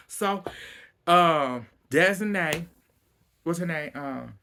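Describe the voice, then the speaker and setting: Male recapper, bright and lively, loose gossipy storytelling. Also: fairly high pitch, takes it slowly. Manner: animated storytelling, acts out cast quotes, laughs often. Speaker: reality TV recapper. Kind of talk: casual recap.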